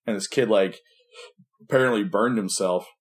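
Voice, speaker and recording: A man's voice: fairly low pitch, moderate pace. A man co-hosting a casual podcast over a call, rambling and joking, often trailing off mid-sentence. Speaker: podcast co-host. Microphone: remote video call.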